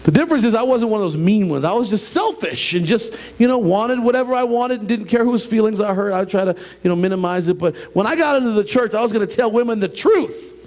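A middle-aged man preaching a sermon in a church, talking in an animated, conversational way with joking asides. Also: sits high, fast, hardly any pauses. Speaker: pastor. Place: church sanctuary.

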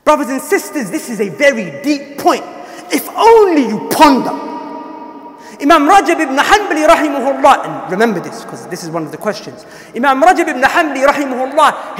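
A man preaching a sermon with impassioned delivery, often rising to near shouting. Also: very high-pitched, big pitch swings, moderate pace. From South Asia. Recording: echoey hall.

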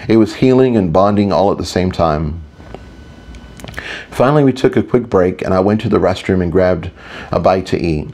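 A man narrating a fantasy audiobook in the first person with a steady, even delivery. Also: lowish voice.

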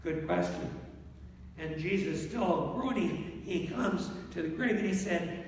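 Male pastor, high voice, slow deliberate delivery, far from the mic in a reverberant church. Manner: animated preaching, reads scripture slowly in old wording. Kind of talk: sermon. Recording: echoey hall from far off, faint noise.

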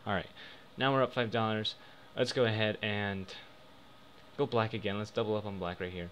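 An excitable young man talks casually at his desk microphone at home, his voice bright and forceful. He drops to mutters one moment and yells the next as he bets and cheers. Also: fairly low pitch, normal speed, a little hiss or hum. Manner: excitable, swings from mumbling to shouting. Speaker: gaming YouTuber. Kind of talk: casual gambling commentary. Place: home room.

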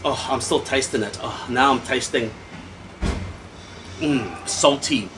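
A man's voice: medium pitch, slow, noisy background. A man reviewing a whisky in a casual vlog. He is a little tipsy, and he rants animatedly and swears freely between tasting notes.

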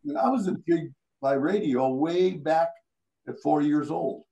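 A man's voice: fairly high pitch, a little slow, gravelly, highs cut off. An older man, a veteran radio broadcaster from Iowa, telling anecdotes and chuckling through the funny parts. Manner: chuckling, animated storyteller who laughs through his punchlines. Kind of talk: anecdotal storytelling.

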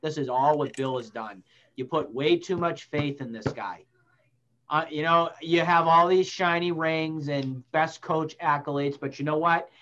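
A man's voice: fairly high pitch, a little slow, a bit bright, muffled recording, a little hiss or hum. Blunt, ranting male sports talk host. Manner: blunt and ranting, with frequent swearing. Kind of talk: casual sports debate. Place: small public-access TV studio.

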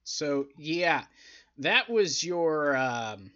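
A man reviewing a wrestling show, talking casually and getting exasperated, with a rambling, animated delivery. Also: sits high, normal speed, highs cut off.

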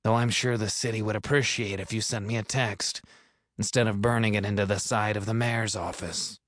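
A man voicing a cool, calm male superhero with a deep, rumbling voice and a dry, protective manner in an audiobook. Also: a little fast, no room sound, close to an everyday voice.

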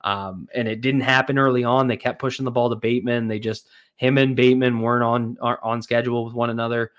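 A man with a Canadian accent, a guest analyst in casual sports chat, relaxed and hedging with many fillers. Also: medium pitch, fast talker.

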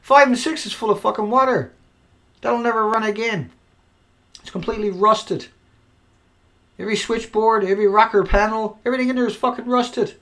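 A man recording an angry, profane rant to camera, swinging between yelling and quiet muttering. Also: high-pitched, fairly quick, long pauses. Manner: profane, shouting and then dropping to quiet. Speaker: video blogger. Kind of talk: angry ranting monologue. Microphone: home recording mic.

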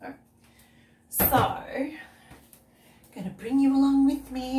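A woman's voice: sits high, slow, warm tone. A woman, unwell with a cough, chatting in a rambling way while cooking for her vlog. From Australia. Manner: chatty, rambling, often trails off into asides. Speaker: vlogger. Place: outdoors on a windy day. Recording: roomy, far from the mic, faint background noise.

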